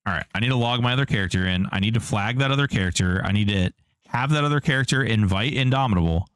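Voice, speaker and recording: A man's voice: lowish voice, fast, fairly bright tone, clean tone, no room sound, studio quality. A man streaming an online game, chatting casually and joking while answering his chat. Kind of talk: casual live-stream commentary.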